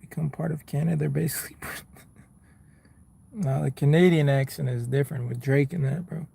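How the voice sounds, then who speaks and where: A man's voice: fairly high pitch, fairly even intonation, brisk, creaky, dark tone, husky. A man, chatting casually with his viewers on a live stream from his car, laid-back and rambling, calling people bro and man. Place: inside a car.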